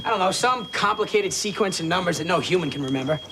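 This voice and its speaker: A woman's voice: lowish voice, animated, fast, lightly acted. An offhand teenage daughter, played by a young woman, dismissive and breezy, her mid voice moving up and down. The sitcom audio carries heavy noise.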